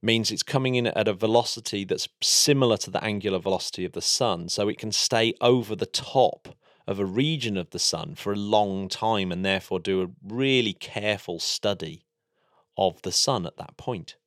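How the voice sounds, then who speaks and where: A man's voice: lowish voice, moderate pace, a bit bright, dry recording, clean studio sound. An English man talking enthusiastically in a casual science chat, explaining space engineering as a podcast co-host. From England.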